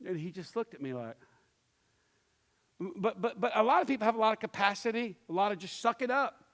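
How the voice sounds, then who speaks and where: A male pastor from the Pittsburgh area teaches a church class in a high, fairly bright voice with lively intonation and a fairly quick pace. He tells stories, acts out the characters' voices, and uses many fillers and restarts, all in long hall reverb.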